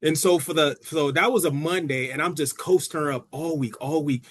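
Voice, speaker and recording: A middle-aged man from Brooklyn with a New York accent, a university track coach telling stories as a podcast guest, acting out dialogue with big jumps in his voice. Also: a little fast. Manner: lively, acts out dialogue with big pitch jumps. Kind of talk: animated storytelling in a podcast interview.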